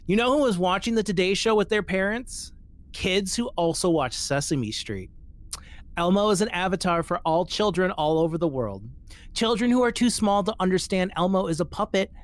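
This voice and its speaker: Podcast host, reads a post aloud, mocking commentary, casual swearing. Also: medium pitch. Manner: mocking, swears casually, laughs between lines.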